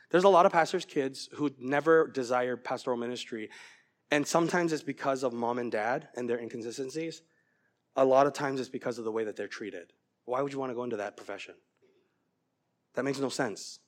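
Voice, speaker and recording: A middle-aged man preaching a sermon as pastor, earnest and growing animated as he tells a story. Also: medium pitch.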